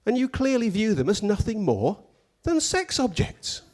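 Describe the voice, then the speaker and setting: A man's voice: sits high, wildly swooping pitch, normal speed, darkish tone, pitched above the performer's own voice. A man voicing a stern, prim female university professor in a clipped, disapproving tone.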